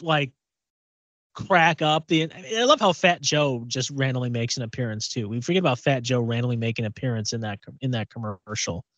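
A man's voice: fairly high pitch, pushed and bright, no room sound. Chatty man co-hosting a podcast. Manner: chatty, repeats words while thinking. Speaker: podcast co-host. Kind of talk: casual chat.

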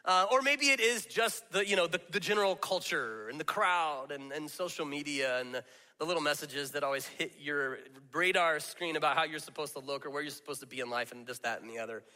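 A man's voice: a little high, a little fast, sharp tone. A middle-aged man preaching a sermon in a casual, joking way, acting out the voices he quotes. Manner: conversational and self-deprecating, acts out quoted voices. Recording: long reverb of a large hall.

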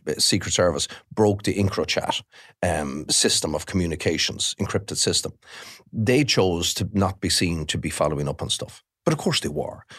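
Middle-aged Irish crime reporter as podcast guest, deep-voiced, forceful and animated. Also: male voice, husky. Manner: animated, emphatic with frequent restarts. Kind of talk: podcast interview.

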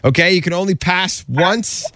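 A man's voice: sits high, normal speed, bright, forceful tone, dry recording. A man co-hosting a morning radio show, upbeat and playful, running a call-in game and laughing often.

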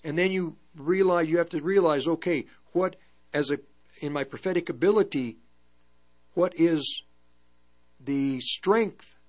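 An older man preaching and telling a personal testimony in a halting storytelling way, with many restarts. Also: on the high side, a little mellow. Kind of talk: testimony sermon.

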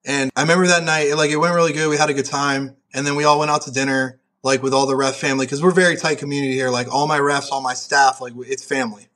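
A young powerlifter and referee guests on a podcast, speaking fast with hardly any pauses in a medium-pitched, level, fairly bright voice. It's casual chat, as he tells rambling, profane stories packed with "like."

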